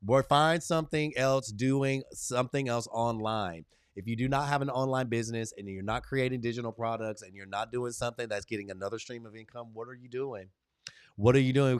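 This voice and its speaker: A man's voice: medium pitch, no echo, studio quality. A man hosting a live online stream, chatting animatedly with viewers, greeting them by name and giving motivational pep talks. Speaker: livestream host. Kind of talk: lively livestream chat with viewers.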